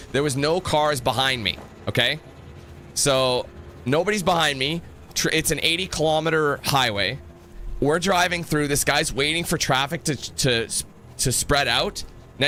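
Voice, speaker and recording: A man's voice: a little high, sharp tone, a little hiss or hum. A man giving casual gameplay commentary, rambling into a profane rant. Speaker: gameplay video creator.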